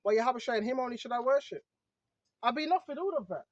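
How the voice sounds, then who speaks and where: A man's voice: extremely high pitch, expressive, quick pace, no room sound, highs cut off. A man giving a casual religious monologue to his viewers, talking conversationally and often tossing in "bro" and "right?". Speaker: online preacher.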